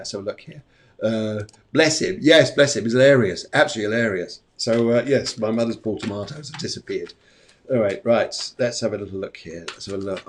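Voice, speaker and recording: A man's voice: medium pitch, slight background noise. A man hosting a live psychic medium show, chatting casually and rambling, often repeating his phrases. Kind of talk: live-streamed casual chat and readings. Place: indoors at home during a storm.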